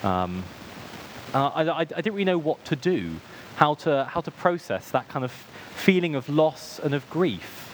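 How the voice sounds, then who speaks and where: Lively British preacher with humor. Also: male voice, fairly high pitch, moderate pace, slight background noise, low-quality recording. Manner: self-deprecating, storytelling with humorous asides and frequent ums. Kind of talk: sermon. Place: church.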